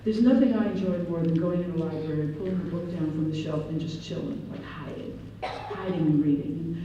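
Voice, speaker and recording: A woman's voice: deep voice, fairly quick, background noise. Midwestern woman lecturing in an echoey hall. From Ohio and Michigan, USA. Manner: animated, acts out quoted voices, slips into French. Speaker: professor giving a talk. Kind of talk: personal storytelling lecture. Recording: echoey hall, distant mic, dull sound.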